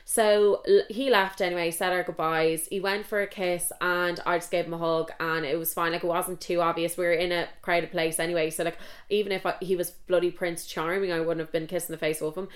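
A woman's voice: fairly low pitch, level tone, brisk. A young Irish woman in her twenties telling candid, self-mocking dating stories in a chatty podcast style, swearing freely. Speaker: podcast host. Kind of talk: casual storytelling.

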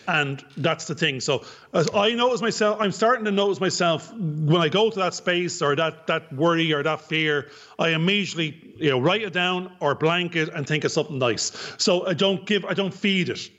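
Emphatic Irish man, high lo-fi voice. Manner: animated and emphatic, repeats words for stress. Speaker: podcast co-host. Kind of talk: casual podcast chat.

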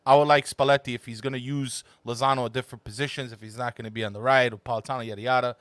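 Bright-voiced opinionated football co-host man. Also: medium pitch, steady tone, dry recording. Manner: opinionated, halting with repeated words. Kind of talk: casual chat.

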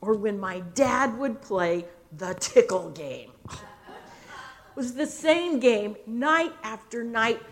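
Older woman minister, unhurried sermon delivery, dramatic pauses, slightly high voice. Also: slight background noise. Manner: slow, expressive storytelling with dramatic pauses.

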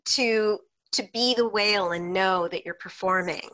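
A woman guest, a hypnotherapist, telling client stories in an animated way on a podcast and laughing often between lines. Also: medium pitch, measured pace. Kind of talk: podcast interview storytelling.

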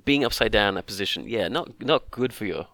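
A man's voice: fairly low pitch, animated, a little fast, a bit bright, dry recording. A man, co-hosting a casual chat and rambling through joking asides. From Australia. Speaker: podcast co-host.

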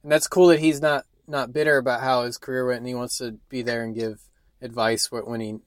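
A man's voice: mid-range voice, level tone, fairly quick, no room sound. Easygoing male podcast host, dry close sound, casual joking chat. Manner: easygoing, joking, many ums.

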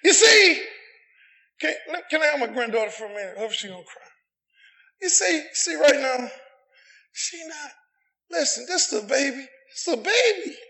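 Man, middle-aged, shouting sermon, call-and-response, very bright tense voice. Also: very high-pitched, big pitch swings, moderate pace, creaky, pauses often. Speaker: pastor. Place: church sanctuary. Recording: echoey church room.

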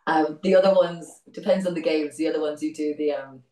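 A low-voiced Irish woman chats away as an interview guest, laughing easily and often restarting her sentences. She sits some way back from the mic. The room around her sounds echoey. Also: steady tone, brisk, warm tone, recorded from a distance. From Ireland. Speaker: voice actor guest. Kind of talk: casual interview chat.

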